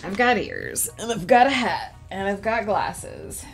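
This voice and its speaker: A woman's voice: mid-range voice, wildly swooping pitch, measured pace, gravelly, hardly any pauses, slight background noise. A woman streamer chatting casually to her viewers, laughing often and talking with many fillers. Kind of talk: casual live-stream chat.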